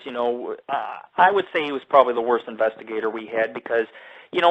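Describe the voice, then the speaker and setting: Profane, blunt man on muffled radio. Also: mid-range voice. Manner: blunt, heavily profane storytelling. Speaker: radio show host and paranormal group founder. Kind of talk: casual live radio monologue.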